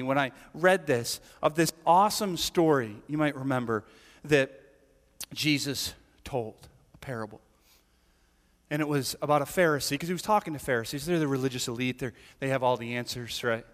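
A man's voice: mid-range voice, moderate pace, fairly bright tone, in a large hall. A man preaching a sermon as pastor, talking conversationally and animatedly with many rhetorical questions, in a church sanctuary.

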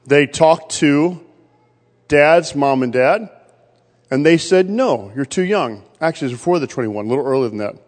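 A man's voice: fairly high pitch, expressive, normal speed. A man preaching a sermon, telling a family story and quoting his relatives along the way. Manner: storytelling, quotes family members in his own voice. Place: church. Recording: long reverb of a church hall.

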